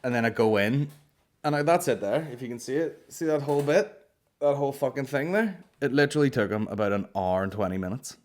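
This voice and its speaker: A man's voice: mid-range voice, lively intonation, brisk, a little mellow. A young man with a Northern Irish accent, hosting a podcast in casual, rambling chat full of swearing and fillers. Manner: swears freely, rambling storytelling with frequent fillers. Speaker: podcast host.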